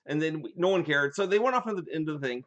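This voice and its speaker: An older man with a fairly high voice chats casually on a live stream and drifts from topic to topic. He tells his gaming stories with lively energy and often breaks off to restart a sentence. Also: rapid-fire, lo-fi sound. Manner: animated storyteller, rambling with restarts. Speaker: game designer hosting a live chat.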